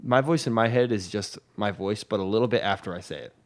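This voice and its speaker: A man's voice: fairly low pitch, fast talker. A young man co-hosting a podcast in casual chat, dropping dry, joking one-liners. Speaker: podcast co-host.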